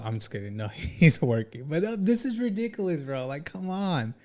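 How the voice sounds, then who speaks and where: A man hosting a casual reaction commentary, animated and talking straight to his chat. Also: a little high, normal speed, hardly any pauses. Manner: animated, talks to chat, says "bro" often. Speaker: commentary channel host.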